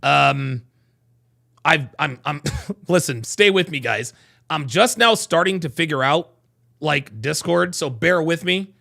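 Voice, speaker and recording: A man hosting a casual livestream, reading chat and telling profane, animated stories. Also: on the high side, slow pace, gravelly.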